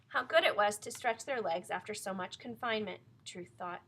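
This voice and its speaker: A woman's voice: mid-range voice, normal speed, few pauses, a bit bright. Woman reading a novel aloud. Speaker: narrator.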